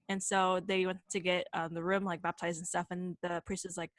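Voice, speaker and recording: A woman's voice: mid-range voice, fairly even intonation, brisk, hardly any pauses, a bit bright, dry recording, poor audio. Woman podcaster rambling through a spooky story, swears a lot, dry close sound. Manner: casual, swears freely, many fillers. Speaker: podcast co-host. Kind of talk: casual chat, storytelling.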